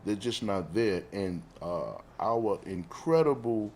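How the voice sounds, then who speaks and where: A middle-aged man, a bereaved father telling family stories in an emotional, animated conversational way, often laughing and saying "man". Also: lowish voice, slow pace, slight background noise.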